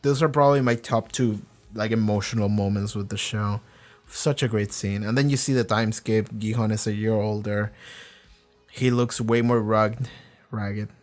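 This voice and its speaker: Animated swearing young man reviewing a show. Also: lowish voice, normal speed, faint music behind. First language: not English. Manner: animated, swearing, acts out characters' lines. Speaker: reaction video host. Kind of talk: casual reaction and review.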